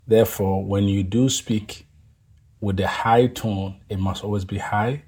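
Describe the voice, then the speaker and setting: A man teaching a language lesson, drilling tones slowly and deliberately, leaving pauses for the listener to repeat after him. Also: on the low side, steady tone, darkish tone, husky. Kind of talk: scripted pronunciation lesson.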